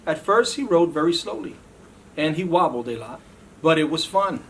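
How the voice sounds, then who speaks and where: A man's voice: fairly high pitch, normal speed. Man reading a picture book to kids. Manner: lively, varied storybook reading with animal voices. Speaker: police officer reading to children. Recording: faint background noise.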